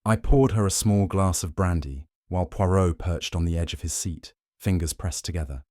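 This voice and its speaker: A man narrates a mystery audiobook in the first person, measured and even. His voice is deep, and the recording is dry and close with no room sound. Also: no echo.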